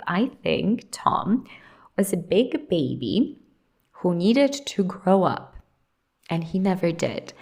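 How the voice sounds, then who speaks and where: Young woman, casual opinionated commentary, sarcastic, blunt, some vocal fry. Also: lowish voice. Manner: blunt, sarcastic, talks to herself while sorting. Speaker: YouTuber ranking TV characters.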